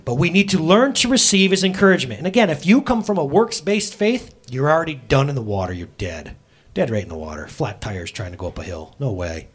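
A man preaching an energetic sermon as pastor, animated and exclamatory, acting out God's voice to the congregation. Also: fairly high pitch, a little fast, breathy edge.

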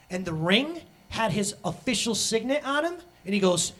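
A man in his thirties preaches as pastor at a brisk clip, his voice high-pitched. He stays animated throughout, giving each quoted person their own voice.

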